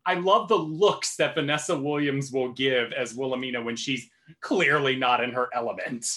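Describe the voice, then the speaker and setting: A man's voice: mid-range voice, moderate pace, a bit bright. A man co-hosting a podcast, recapping an episode with casual enthusiasm. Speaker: podcast co-host. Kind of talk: casual chat.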